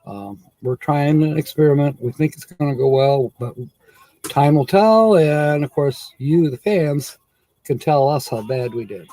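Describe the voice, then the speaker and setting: A man's voice: fairly high pitch, measured pace, warm tone, no echo. A man hosting a casual live stream, rambling and chuckling often as he corrects himself.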